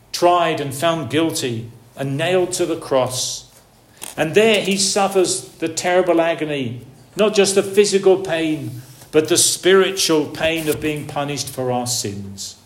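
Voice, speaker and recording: A man preaching a sermon, slow and measured, building emphasis through repetition. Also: on the high side, reverberant.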